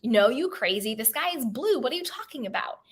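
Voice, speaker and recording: A woman's voice: fairly high pitch, animated, a little fast, breathy edge. A woman voicing a stubborn, indignant male lion in a spoken parable, protesting in a raised voice. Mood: exasperated.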